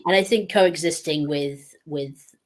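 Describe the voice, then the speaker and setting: A woman's voice: low voice, slow. A woman speaking as a guest on a casual panel discussion. She is chatty and meandering, and her jokes are self-deprecating.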